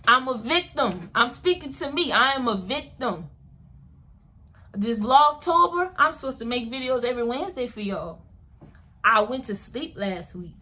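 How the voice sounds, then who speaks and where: A woman's voice: a little high, sharp tone, slightly rough. A young woman vlogger giving motivational advice straight to her viewers, emphatic and repeating her points, calling them y'all. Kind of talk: motivational vlog talk to viewers.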